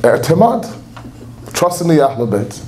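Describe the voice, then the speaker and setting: A man's voice: on the high side, big pitch swings, moderate pace, mellow, a little hiss or hum. Impassioned young man preaching a sermon. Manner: impassioned, acts out quotes in a raised voice. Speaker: speaker at a religious gathering. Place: lecture hall at a religious center.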